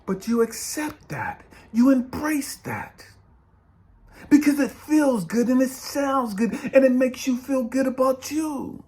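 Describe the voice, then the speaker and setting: Blunt preachy man, lively pitch. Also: takes it slowly. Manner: preachy and blunt, swings between loud and hushed. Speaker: spiritual coach. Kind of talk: motivational talk.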